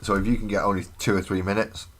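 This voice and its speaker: Deep-voiced Englishman chatting on a live stream. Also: little pitch movement, fast talker, fairly bright tone. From England. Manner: rambling banter, answers chat while working. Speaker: mini painting streamer. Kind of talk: casual live-stream chat. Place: home hobby desk. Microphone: webcam stream mic.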